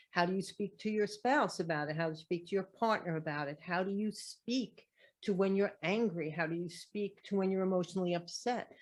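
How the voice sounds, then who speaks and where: Middle-aged woman medium giving an earnest spiritual talk; mid-pitched, asks question after question. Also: a little mellow. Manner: earnest, repeats rhetorical questions. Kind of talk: motivational spiritual talk to camera.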